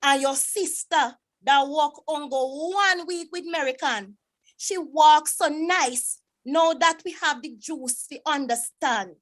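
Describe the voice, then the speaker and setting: A woman reciting a dialect poem as a proud, exasperated Jamaican mother scolding her son, in a sharp, reproachful voice. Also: sits high, slow pace, pitched above the performer's own voice.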